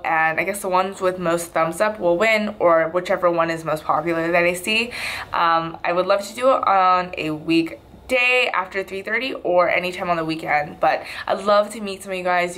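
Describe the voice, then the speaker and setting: Chatty young woman, lowish voice. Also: a bit bright. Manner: chatty, rambling, with frequent "um"s and restarts. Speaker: vlogger. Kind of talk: casual video diary.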